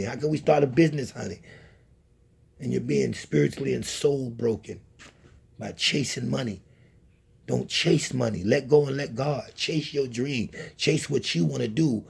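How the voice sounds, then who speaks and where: A man's voice: mid-range voice, gravelly, darkish tone, slightly rough. A man delivering a scolding, preachy monologue to camera, repeating himself as he lectures. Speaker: channel host.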